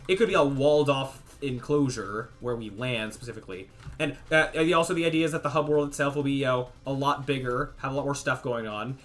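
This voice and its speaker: A young man talks through his game tests on a livestream, musing and trailing off as his pitch jumps up and down. Faint music plays under his voice. He restarts his sentences often. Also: a bit bright. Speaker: game developer streamer. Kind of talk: casual livestream thinking aloud while coding.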